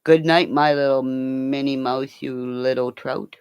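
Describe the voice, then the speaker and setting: A woman's voice: very deep voice, fairly even intonation, unhurried, a little mellow, smooth, no echo. An older woman signing off a livestream from home on her computer, rambling and joking crudely. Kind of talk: casual livestream sign-off chat. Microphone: computer mic.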